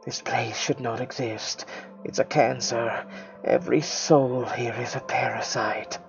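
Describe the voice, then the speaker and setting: A man reading aloud and voicing a cold, vengeful female water spirit who speaks slowly and with menace. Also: fairly even intonation, vocal fry, dull audio, music in the background. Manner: slow, low and menacing.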